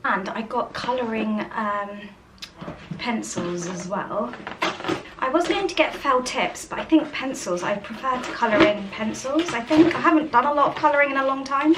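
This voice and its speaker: A woman chatting casually to the camera in a home vlog, rambling and soft-spoken. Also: on the high side, normal speed, background noise. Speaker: vlogger. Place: home interior.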